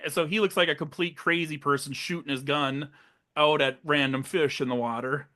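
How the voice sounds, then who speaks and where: A young man co-hosting a casual movie podcast, retelling scenes with animated quick silly voices. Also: fairly high pitch. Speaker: podcast co-host.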